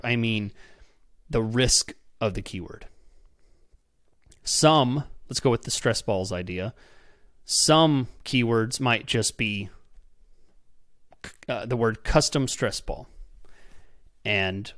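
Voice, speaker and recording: A man's voice: mid-range voice, slow pace, pauses often, a bit bright, no echo. Man explaining step by step, dry sound. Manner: explains step by step with frequent "okay?" check-ins; repeats words while restarting sentences. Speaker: podcast host. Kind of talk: instructional podcast talk.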